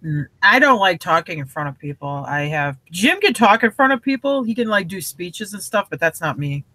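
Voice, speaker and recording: A woman chatting on a live show, telling animated stories. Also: medium pitch, no echo. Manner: animated, quick storyteller. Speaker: reseller guest. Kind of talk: casual storytelling.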